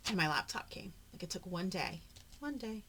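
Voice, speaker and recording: Chatty low-voiced woman vlogging. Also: lively intonation, moderate pace, background noise. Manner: rambling, talkative, with frequent soft murmured asides. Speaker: papercraft vlogger. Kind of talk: casual chatty narration during a journal flip-through.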